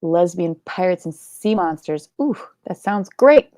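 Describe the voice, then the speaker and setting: A woman's voice: fairly low pitch, lively intonation, unhurried, warm tone, dry recording, clean studio sound. A young woman hosting a live book club stream, chatting casually with lots of likes and ums and the odd swear word. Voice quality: creaky. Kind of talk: casual livestream chat reading comments.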